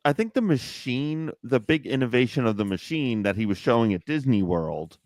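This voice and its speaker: A man's voice: mid-range voice, big pitch swings, moderate pace, darkish tone, no echo. A man co-hosting a podcast, adding dry joking remarks in casual chat. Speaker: podcast co-host.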